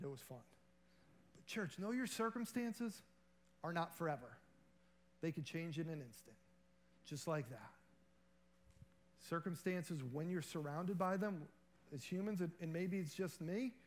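A man preaching from a church platform with a slightly higher than usual voice. His delivery is earnest and conversational, and he reaches for homely analogies to make his point. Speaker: guest preacher. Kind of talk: sermon.

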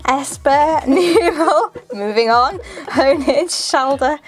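Her voice sits high and her pace is slow as this young host opens card packs on her channel. Giggly and talkative, she reads each card aloud and repeats it. Faint background music accompanies her.

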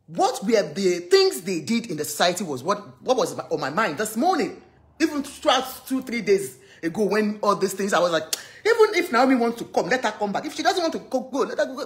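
Animated Nigerian woman gossiping. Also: a little high. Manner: animated storytelling, acts out quoted voices; switches into pidgin and Yoruba phrases. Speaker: gossip vlogger. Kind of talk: casual gossip chat.

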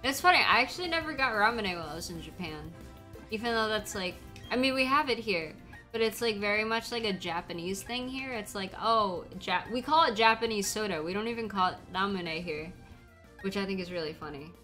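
A woman's voice: medium pitch, lively intonation, fairly quick, pushed and bright, soft background music. A young woman streaming a game, chatting casually and rambling with frequent giggles. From United States. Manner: giggly, laughs often, rambling. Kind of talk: casual chat while playing a game.

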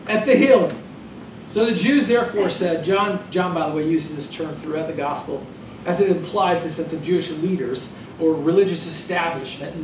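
A man preaching a sermon as pastor, animated and joking in a conversational way. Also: fairly high pitch, background noise. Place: church sanctuary. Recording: echoey room from far off.

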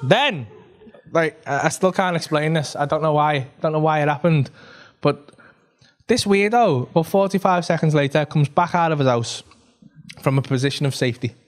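A man with a Liverpool accent doing stand-up, telling a long story in an animated, swearing way and acting out the people in it, on a comedy club stage. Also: a little high, normal speed.

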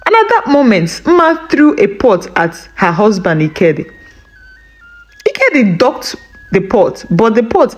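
A Nigerian woman tells a scripted folktale in a sing-song, expressive delivery, her middle-pitched voice full of lively rises and falls. The audio is poor.

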